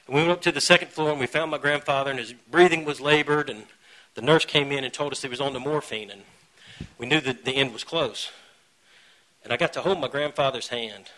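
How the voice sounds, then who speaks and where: A man sharing his own story at a recovery meeting. He talks earnestly, pokes fun at himself and now and then breaks into loud bursts. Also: mid-range voice, a little fast, poor audio. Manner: earnest, self-mocking humor with sudden loud bursts. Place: meeting room.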